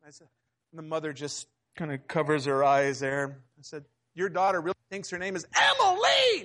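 A middle-aged male pastor with a high voice delivers a sermon in a relaxed, storytelling way. He often breaks into the voices of people from his anecdotes. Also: normal speed. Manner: conversational storytelling preacher, acting out quotes.

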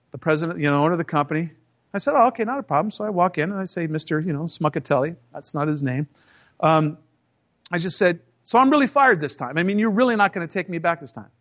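A man with a high voice tells a personal story in a loose, conversational way, and he plays out both sides of each argument. His voice jumps up when he voices his own retorts. The recording sounds dull and lo-fi. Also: fairly bright tone. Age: 30s or older. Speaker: storyteller recounting a job.

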